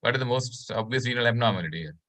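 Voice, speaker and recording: A man's voice: mid-range voice, expressive, rapid-fire, a bit bright. A Sri Lankan man teaching a medical class online, explaining step by step and often checking in with "right?". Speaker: medical lecturer.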